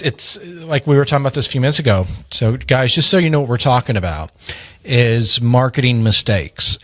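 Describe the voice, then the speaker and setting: A man co-hosting a casual business talk show, chatty and rambling, speaking low and close to a studio microphone. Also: a bit bright, dry recording. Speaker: co-host.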